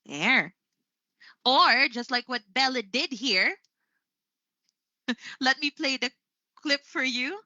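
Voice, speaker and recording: A woman's voice: fairly high pitch, takes it slowly, long pauses, pushed and bright, dry recording, muffled recording. A woman with a Filipino accent teaching a live online English lesson, chatty and upbeat, often saying "there you go.".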